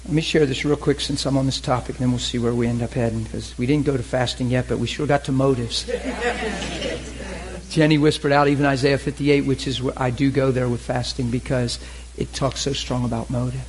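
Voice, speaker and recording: A man preaching a sermon to a group, animated, acting out characters in his stories. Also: mid-range voice, fairly quick, a little hiss or hum, rough recording. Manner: animated, voices characters in anecdotes. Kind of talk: sermon with acted-out scenes.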